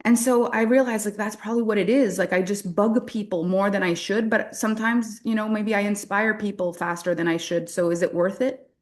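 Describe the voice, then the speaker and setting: A woman from French-speaking Canada speaks to a workshop audience as a business coach. Her delivery is candid and animated, with self-deprecating humor and frequent laughter. She sits in a mid range of pitch for a woman. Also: brisk, hardly any pauses. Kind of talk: motivational workshop talk.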